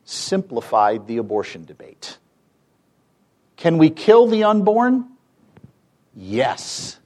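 A man's voice: mid-range voice, darkish tone. A man in his fifties from the United States, giving a persuasive public talk with rhetorical questions and wry humor. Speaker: public speaker and campus debater.

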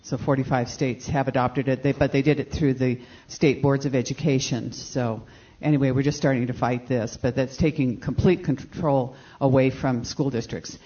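A man's voice: mid-range voice, steady tone, normal speed, mellow, husky. A man in the audience asking a long, earnest question, explaining at length. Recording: dull lo-fi recording.

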